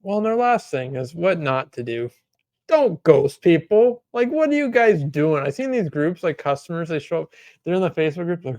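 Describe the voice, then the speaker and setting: A young man with a fairly high, gravelly voice co-hosts a casual podcast. He rambles reflectively and leans on fillers. The sound is dry and close to the mic. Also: animated, moderate pace, darkish tone, no echo. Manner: rambling, reflective, heavy on 'like'. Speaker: podcast co-host. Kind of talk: casual chat.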